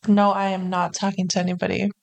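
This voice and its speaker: Give me a woman in her thirties chatting on a podcast. She is halting and unsure, and she leans on fillers and restarts. Her voice is mid-pitched and casual. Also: completely flat delivery, gravelly. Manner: hesitant, reluctant, halting with fillers. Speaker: podcast guest. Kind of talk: casual chat.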